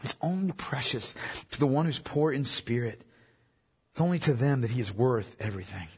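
A man's voice: mid-range voice, lively intonation, normal speed, a little mellow, slightly rough. A man preaching a sermon, speaking with emphasis, repeating key lines and putting questions to his listeners. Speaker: pastor. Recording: long hall reverb.

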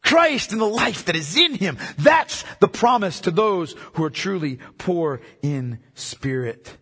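A man's voice: high voice, expressive, measured pace, bright, forceful tone, slightly rough. A man preaching a sermon, speaking with emphasis, repeating key lines and putting questions to his listeners. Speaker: pastor. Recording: long hall reverb.

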